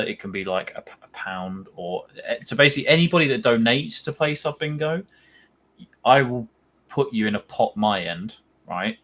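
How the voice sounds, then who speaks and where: A man's voice: fairly low pitch, a bit bright. A young man co-hosting a casual live fan watch-along, chatty and rambling, playfully spinning silly stories.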